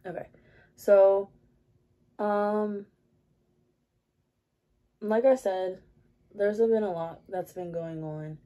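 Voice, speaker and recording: A woman's voice: mid-range voice, fairly even intonation, extremely slow, long pauses, warm tone. A young woman vlogging at her makeup area at home, chatting candidly with lots of fillers. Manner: rambling, many fillers, candid. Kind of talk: casual confessional chat.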